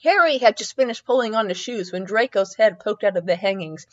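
Woman, podcast host, reading fan fiction aloud, amused, small stumbles, middling pitch, slightly dull lo-fi sound. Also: brisk.

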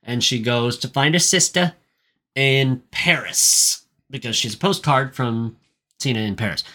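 Podcast co-host, male, bright voice, profane and rambling recap delivery. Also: medium pitch, unhurried. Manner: profane, ranting, lots of filler words. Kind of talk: casual movie recap.

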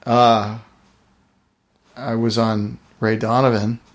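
A man's voice: medium pitch, flat delivery, slow pace. A man, an actor guest on a podcast interview, answering in a dry, bemused way.

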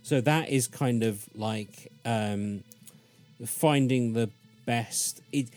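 A man's voice: mid-range voice, slow, soft background music. A man in casual podcast chat, telling a story with lots of laughs and acted-out quoted voices. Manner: animated storyteller, laughs often, acts out quoted dialogue. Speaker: podcast guest discussing alien abductions.

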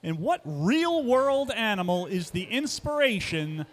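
A man with a very high, animated voice co-hosts a pub quiz and cheerfully reads out team scores. He is recorded live in a pub, and a long reverb trails his words. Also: measured pace. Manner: upbeat, rattles off team scores. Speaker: pub trivia co-host.

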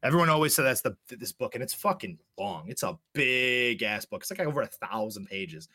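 Profane bright-voiced man telling a story. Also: mid-range voice, brisk, husky, no room sound, clean studio sound. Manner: profane, animated storyteller, acts out dialogue. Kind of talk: casual storytelling.

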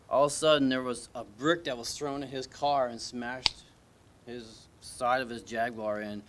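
A man delivers a sermon to a church congregation in an easy, conversational manner. He hesitates often, restarts his sentences and asks his listeners questions. His voice sits in a middle pitch. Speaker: preacher. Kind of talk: informal sermon with story. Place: church service.

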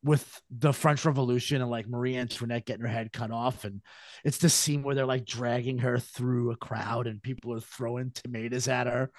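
A man co-hosting a podcast, telling a story in a casual, lively way and slipping into silly mock accents. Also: medium pitch, normal speed, dry recording, clean studio sound. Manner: animated storyteller, slips into mock British voices. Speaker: podcast co-host. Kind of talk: casual chat.

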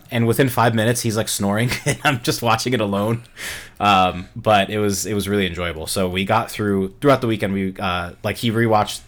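Low guy talking fast on a podcast, lots of likes and ums. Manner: fast, filler-heavy storytelling. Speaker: podcast co-host. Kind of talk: casual chat.

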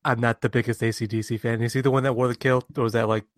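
A man's voice: mid-range voice, little pitch movement, very fast, no room sound, studio quality. Man joking around in casual chat. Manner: joking, laughs often, swears. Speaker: podcast co-host.

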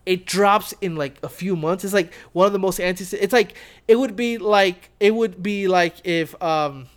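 Smooth-voiced man rambling on a podcast. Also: high-pitched, normal speed. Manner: rambling, many fillers and restarts. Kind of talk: casual chat.

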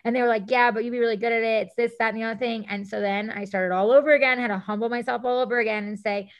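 A woman in her thirties, a guest on an interview show, telling stories in a lively casual way and acting out what people said. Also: a little high, very fast, highs cut off. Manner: animated, acts out quotes, says "like" often. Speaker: guest, celebrity stylist.

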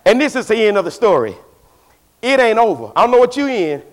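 A pastor with a Southern US Black vernacular accent, preaching a folksy call-and-response sermon that builds to shouts. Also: male voice, sits high, sing-song, fairly quick.

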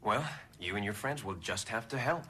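A deep-voiced crass ex-agent. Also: male voice, animated, moderate pace, sharp tone, breathy edge, exaggerated voice. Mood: smug. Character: crass male ex-agent hidden in a woman's body.

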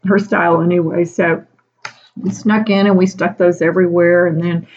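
A woman's voice: on the low side, little pitch movement, moderate pace, darkish tone, dull audio. A middle-aged woman, a teacher, casually telling an anecdote in a chatty way, laughing often between phrases. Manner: chatty, laughs often, frequent fillers like "you know".

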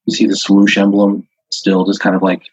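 A man's voice: lowish voice, completely flat delivery, normal speed, breathy edge, dry recording. A man hosting a podcast, telling an improvised second-person story in a rambling way full of "like" and "uh" fillers. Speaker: podcast host. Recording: dull lo-fi audio.

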